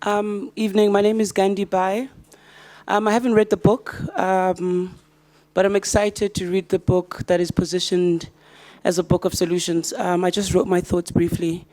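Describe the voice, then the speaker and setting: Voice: medium pitch, flat delivery, moderate pace, darkish tone. An audience member reading a prepared question at a book launch, earnest and hesitant, with frequent ums.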